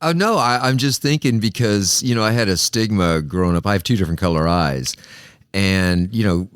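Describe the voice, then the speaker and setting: A man with a fairly low voice hosts a casual podcast chat. He reacts with encouraging laughs, and his voice sounds close and dry. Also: normal speed, smooth, no echo. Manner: warm, encouraging listener who laughs often. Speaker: podcast host.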